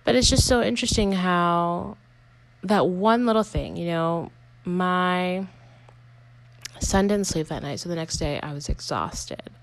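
Low-voiced woman rambling candidly on a podcast. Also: unhurried, low-quality recording. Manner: rambling, candid, self-correcting with many "like"s. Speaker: podcast host. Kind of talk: casual personal podcast monologue.

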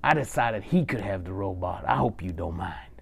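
A man voicing a kindly elderly grandmother who speaks gently and slowly. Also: sits low, animated, gravelly, slight background noise, voice pushed down. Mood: gentle.

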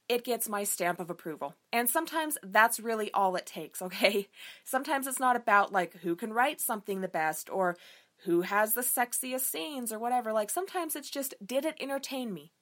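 A young woman talks through a book she loved, in a casual vlog review. Her voice sits a little high and she leans hard on her points, cursing freely as she gushes. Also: a bit bright. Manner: emphatic, enthusiastic and frequently profane.

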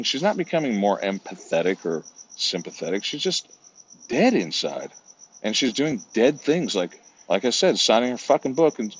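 A man's voice: sits low, fairly bright tone, breathy edge. A man in a rambling, profane comedic rant, meandering and muttering asides, on a muffled lo-fi recording.

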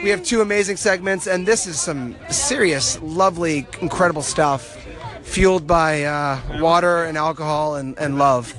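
Excitable guy hosting a podcast outdoors, high voice, loud party crowd all around. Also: moderate pace, over music. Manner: playful, excitable. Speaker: podcast host. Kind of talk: casual podcast chat.

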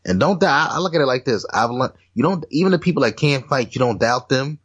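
A man's voice: mid-range voice, animated, fast talker, a bit bright, slightly rough. A man chatting casually as podcast co-host, rambling and restarting his sentences. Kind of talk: casual chat.

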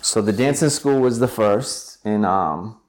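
A man's voice: fairly low pitch, unhurried. A young man, an interview guest, telling his story in a rambling way, full of fillers and restarts. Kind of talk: storytelling in conversation.

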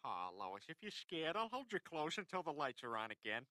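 Peter Griffin, a brash cartoon dad. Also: male voice, fairly high pitch, big pitch swings, a little fast, very noisy. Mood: goofy. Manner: brash, goofy outbursts. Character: loud dim-witted cartoon dad, boisterous and childish.

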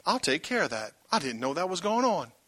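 A man's voice: on the high side, sing-song, brisk, a bit bright, slightly rough, no echo, full character voice. A man voicing an ancient king who casually asks for a pact, in a preacher's own voice. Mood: pleading. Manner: casual modern phrasing. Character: ancient male king, wary and pleading.

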